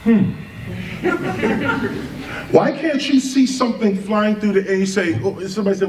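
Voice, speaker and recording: A man's voice: high voice, normal speed, a little mellow, a little hiss or hum. A man giving a lecture to an audience, firing rhetorical questions and spelling words out letter by letter for emphasis. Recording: roomy, distant live lecture recording with faint ambience.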